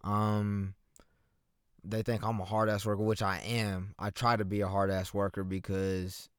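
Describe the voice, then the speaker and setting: A man's voice: lowish voice, flat delivery, unhurried, clear, resonant tone, no echo, clean studio sound. A young man from Oklahoma talking alone into a microphone in his parked car, loose, profane and rambling as host of a solo chat. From Oklahoma, USA. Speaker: podcast host. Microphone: microphone with headphones.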